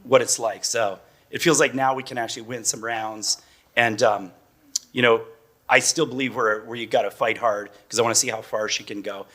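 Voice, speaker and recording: This is a man in his forties, speaking casually as a parent guest on a panel. His voice sits at an ordinary middle pitch, and he talks in a loose, rambling way, breaking into laughs. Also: steady tone, moderate pace, a bit bright. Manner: chatty, loose, often laughing.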